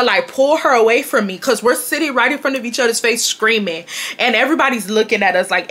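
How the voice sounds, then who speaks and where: A young woman telling a storytime vlog in casual, animated talk, cursing and loudly acting out an argument. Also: a little high. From Nigeria. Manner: animated, swearing, loud mocking re-enactments of the argument. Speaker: storytime vlogger.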